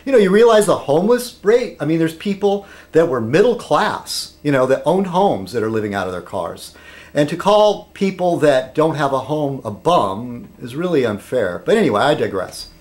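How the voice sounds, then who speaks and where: A man's voice: a little high, very animated, moderate pace, a little mellow. A man vlogging in a casual, rambling way about local politics, often digressing and checking in with "okay?".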